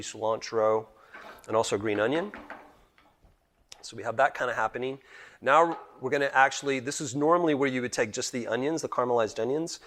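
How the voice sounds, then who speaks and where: A man's voice: medium pitch, a bit bright. Chatty man walking through a recipe. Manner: chatty, keeps addressing viewers as guys. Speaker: guest cook. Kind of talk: cooking demonstration.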